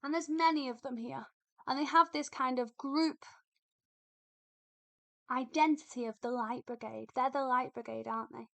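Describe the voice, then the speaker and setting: Woman teacher, higher voice with a bright edge, patient explanatory lesson delivery. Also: steady tone, moderate pace, creaky, pauses often. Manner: explains patiently, thinking aloud with fillers and repetitions. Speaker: English literature teacher. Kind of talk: recorded poetry lesson.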